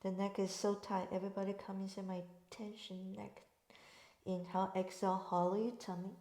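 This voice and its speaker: A woman's voice: mid-range voice, little pitch movement, normal speed, warm tone. A woman wellness instructor leading a guided stretching class, calling out breath cues and checking in with "right?". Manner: chatty coaching with breath cues and frequent "right?". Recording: roomy echo.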